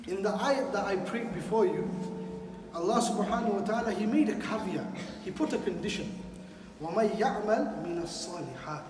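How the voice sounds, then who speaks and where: An imam delivers a sermon in a mosque hall, his high-pitched voice emphatic as he repeats key phrases and poses questions to the audience. The recording is distant and echoey, with background noise.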